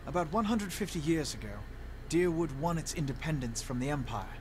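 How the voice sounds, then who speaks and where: A man voicing a friendly, easygoing male caravan merchant in a relaxed, storytelling way. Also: on the high side, a little fast, a little hiss or hum, close to an everyday voice. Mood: explaining.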